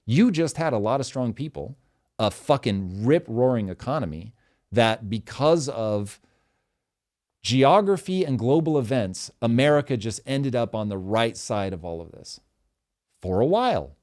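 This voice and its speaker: A talk show host in his forties speaks at a measured pace with medium pitch. In casual chat he's emphatic and profane, spinning animated stories.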